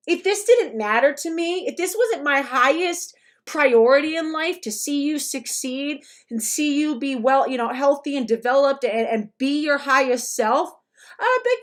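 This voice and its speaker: A woman giving ranting reaction commentary in a blunt, profane, emphatic way. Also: sits high. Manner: blunt, profane and emphatic, with mocking put-on quotes. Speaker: commentary vlogger.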